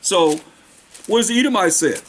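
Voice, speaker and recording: A man teaching scripture as a preacher, reading verses slowly and then restating them in plain street talk. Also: sits high, expressive. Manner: slows down to stress the verses.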